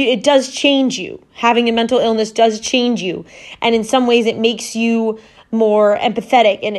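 A young adult woman hosting a solo podcast, talking earnestly in a halting way with many fillers and restarts. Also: fairly high pitch. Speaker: podcast host. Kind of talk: casual solo podcast talk.

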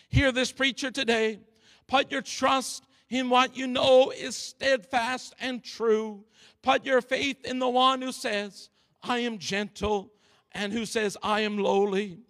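A man preaching a sermon in a slow, deliberate cadence. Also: extremely high pitch, a bit bright. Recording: long reverb of a large hall.

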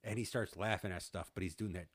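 With a deep voice and steady tone, a man in his thirties speaks fast while telling a story on his casual podcast. He laughs often, swears, and dramatizes people's remarks.

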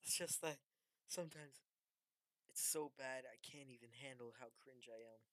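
A man's voice: medium pitch, moderate pace, fairly bright tone, no room sound. A young man hosting a podcast over an online call, playful and goofy, often restarting his sentences. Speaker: podcast host. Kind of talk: casual chat.

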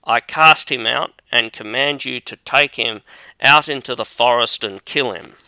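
A man's voice: mid-range voice, unhurried, pushed and bright, clear, resonant tone, dry recording. A man reading aloud voices a harsh, aged count scolding his son. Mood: stern. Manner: scolding and stern.

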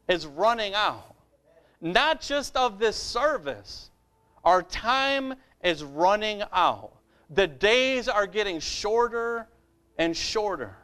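A man's voice: high-pitched, bright, forceful tone. A male pastor preaching a fiery sermon, emphatic and repetitive, with rhetorical questions.

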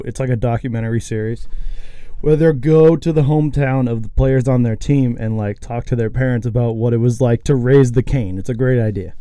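A young man hosts a casual podcast, rambling easily and breaking into laughs. His voice is dark and mellow but smooth and clear. The sound is dry and close to the mic. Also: mid-range voice, dry recording. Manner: relaxed, rambling, laughs often. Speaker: podcast host. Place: college-town podcast setup.

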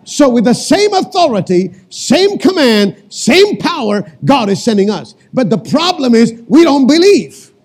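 Preaching to his congregation, a pastor repeats lines for emphasis, calls out to the crowd and sometimes shouts commands. His very high-pitched voice swings widely in pitch, unhurried yet with hardly any pauses.

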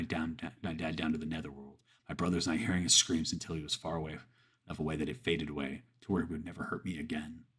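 Deep, husky male horror narrator. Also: fairly bright tone. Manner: earnest, measured, with pauses and restarts. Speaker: storyteller. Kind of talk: horror story narration and reflective commentary.

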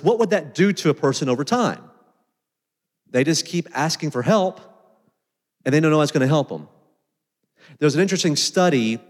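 Conversational preacher in a reverberant church. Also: male voice, fairly high pitch. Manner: conversational, animated preaching with asides and filler words. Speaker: pastor. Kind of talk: sermon.

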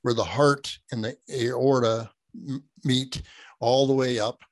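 A middle-aged man, a podcast guest, telling a personal story in a casual, animated way, laughing often and acting out quoted speech. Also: mid-range voice, takes it slowly.

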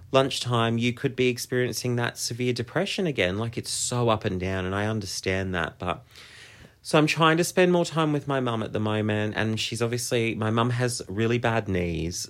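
Heartfelt man hosting a podcast. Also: fairly low pitch. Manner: open, heartfelt and reflective. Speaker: podcast host. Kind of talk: candid solo podcast monologue.

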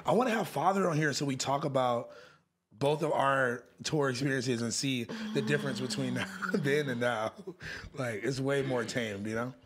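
A man's voice: mid-range voice, normal speed, a little hiss or hum. A young man from the Los Angeles area, co-hosting a podcast in casual, profane, slang-heavy chat. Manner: profane, slangy, laid-back storytelling. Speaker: podcast co-host.

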